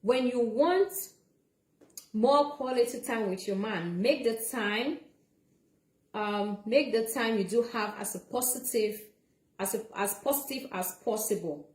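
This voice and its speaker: A woman with a fairly high voice gives relationship tips on a casual livestream. She talks earnestly and repeats each point, checking in with her listeners as she goes. The room around her is echoey. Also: expressive, a little slow. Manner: earnest, repeats points, many "okay?" and "you know?". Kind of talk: casual livestream advice talk.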